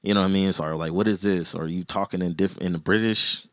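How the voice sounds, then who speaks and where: Low-voiced man in rambling podcast chat. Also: steady tone, quick pace, no room sound, studio quality. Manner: loose, rambling, lots of fillers and restarts. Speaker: podcast co-host. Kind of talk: casual chat.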